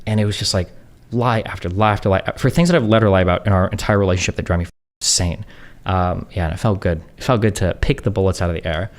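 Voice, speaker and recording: This thirty-something man streams a fast, low-pitched rant. He sounds sarcastic and fed up, and now and then he breaks into mocking impressions of the people he's complaining about.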